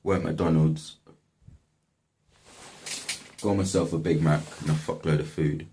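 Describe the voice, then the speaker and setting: A man's voice: rumbling low, steady tone, takes it slowly, gravelly, warm tone, slight background noise. A young man casually telling a story from his life, slangy and swearing often. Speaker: vlogger.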